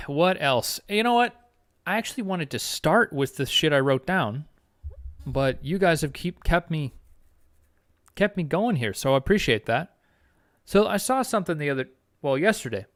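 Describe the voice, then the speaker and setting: A man hosting a podcast, chatting casually with viewers in a rambling, heavily profane and excitable way. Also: fairly high pitch, dry recording, clean studio sound. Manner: excitable, quick exclamations. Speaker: podcast host. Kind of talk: casual live-stream chat with viewers.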